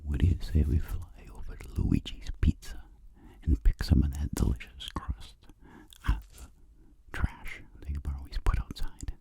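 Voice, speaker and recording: Man doing a laid-back pal bird in whispered role-play, low gravelly hush, very dark tone. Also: flat delivery, moderate pace, no room sound, exaggerated voice. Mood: scheming. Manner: whispered, easygoing buddy talk. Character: laid-back male bird, buddy-like and scheming.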